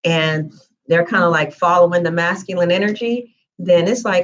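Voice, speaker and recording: A woman's voice: on the low side, steady tone, normal speed, muffled recording, a little hiss or hum. A woman giving a tarot reading in a casual, chatty live-stream manner with lots of fillers. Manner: chatty, conversational, frequent fillers. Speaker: tarot reader.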